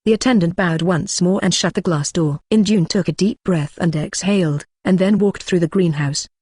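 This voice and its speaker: A narrator reading a fantasy novel aloud at a steady, even pace. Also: mid-range voice, moderate pace, husky, dry recording. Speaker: audiobook narrator.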